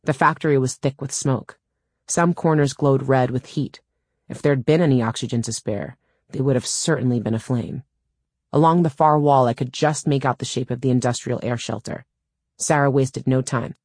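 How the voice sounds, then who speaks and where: A woman's voice: rumbling low, normal speed, darkish tone, breathy edge, no room sound. A woman reading a first-person audiobook in a wry, dry storytelling manner, close to a studio mic. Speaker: audiobook narrator.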